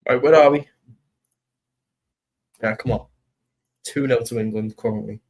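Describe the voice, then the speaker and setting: Young scouse lad rambling on a football watch-along stream, swears a bit, reads out the chat. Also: male voice, mid-range voice, unhurried, slight background noise. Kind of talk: casual live-stream chat.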